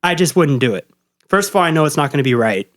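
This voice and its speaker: A man's voice: on the high side, lively intonation, quick pace. A man co-hosting a podcast, a bartender ranting casually and profanely about what customers order.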